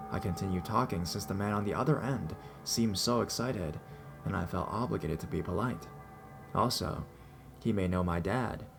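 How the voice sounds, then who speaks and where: A man narrating a scripted horror story in a measured storytelling delivery. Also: low-pitched, creaky.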